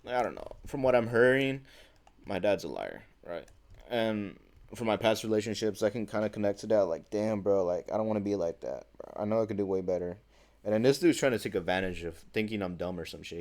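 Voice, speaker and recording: A man's voice: deep voice, darkish tone. Slangy eighteen-year-old guy venting. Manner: casual slangy talk, says bro a lot, swears freely; acts out other people's lines in quick quoted voices. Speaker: vlogger. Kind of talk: casual venting monologue.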